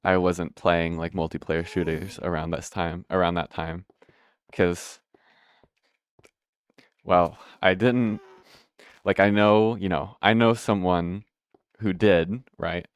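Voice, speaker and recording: A man's voice: low-pitched, steady tone, slow, long pauses, clear, resonant tone, no echo. A young man hosting a let's play, rambling through casual gameplay commentary, restarting sentences and swearing offhandedly. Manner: meandering, self-interrupting, swears casually. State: hiccuping.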